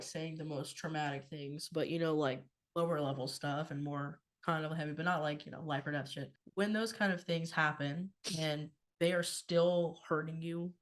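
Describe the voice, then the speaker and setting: A woman co-hosting a podcast, talking casually about feelings with lots of fillers and the odd swear word. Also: deep voice. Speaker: podcast co-host. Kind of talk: casual spiritual chat.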